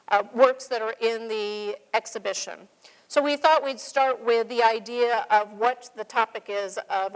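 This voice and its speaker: A woman with a New York accent, a museum curator hosting a public conversation with an artist, chatty and relaxed with easy laughter. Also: a little high. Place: museum auditorium. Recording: long hall reverb.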